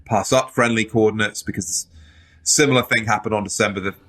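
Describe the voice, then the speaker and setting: A middle-aged British man, an author and journalist, talking in a relaxed, rambling way with many fillers during a podcast interview. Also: on the low side, brisk. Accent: British English. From Britain.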